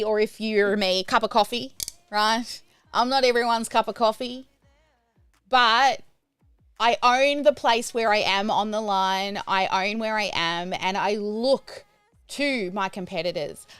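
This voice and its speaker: A middle-aged woman, a business coach teaching on a livestream in a bubbly, loud and energetic way. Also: a little high, no room sound.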